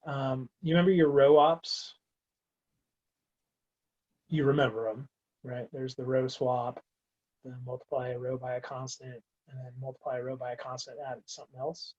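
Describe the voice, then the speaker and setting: A man's voice: medium pitch, fairly even intonation, moderate pace, pauses often, a little mellow, dull audio. A man teaching a recorded math lecture, working through steps aloud in a casual, wry way. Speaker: math instructor.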